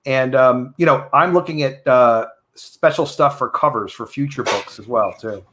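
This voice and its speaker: A man's voice: medium pitch, normal speed, fairly bright tone, a little hiss or hum. Easygoing male comics creator. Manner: easygoing, hesitant with many fillers. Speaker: comic book creator guest. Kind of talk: casual chat. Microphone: remote livestream call.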